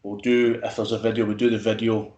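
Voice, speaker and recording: A man's voice: fairly low pitch, flat delivery, fast talker, darkish tone, roomy sound, dull audio. A Scottish man interviewing a guest in a casual, swearing, stop-start chat. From Scotland. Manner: swears freely, stumbles and restarts.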